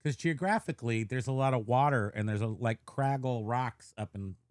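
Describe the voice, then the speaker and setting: A man's voice: mid-range voice, normal speed, dry recording, studio quality. A man co-hosting a casual podcast, joking around in a playful, rambling way. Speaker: podcast co-host.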